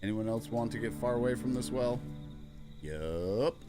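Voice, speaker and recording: A man hosting a let's play, reading every character's lines aloud in turn, quick and offhand. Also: medium pitch, music in the background. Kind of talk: reading game dialogue aloud.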